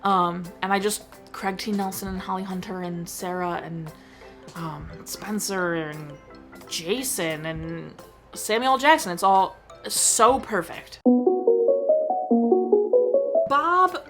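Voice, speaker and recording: A woman's voice: medium pitch, takes it slowly, long pauses, sharp tone, soft background music. A woman reviewing a movie in casual chat, enthusiastic and gushing, with lots of "like" fillers. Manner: enthusiastic, gushing, heavy use of "like".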